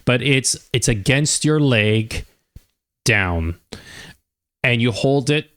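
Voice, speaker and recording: An older man, a retired chef, giving casual reaction commentary with unhurried talk, chuckles and restarts. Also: mid-range voice, expressive, fairly bright tone, dry recording, studio quality.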